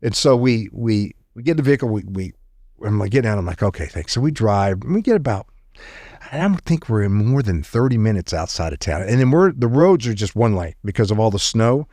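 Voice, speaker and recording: A man's voice: lowish voice, brisk, dry recording, studio quality. A middle-aged man, a podcast guest, telling a long story in conversation and acting out the dialogue he quotes. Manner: animated storyteller who acts out quoted dialogue. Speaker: podcast guest, retired intelligence officer.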